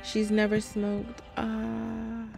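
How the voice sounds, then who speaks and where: A woman's voice: a little high, drawn-out words, vocal fry, over music. A woman streamer, commenting on a game in a casual, profane way and talking to her viewers. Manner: profane, animated, talks to viewers. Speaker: gaming streamer. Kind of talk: casual let's play commentary.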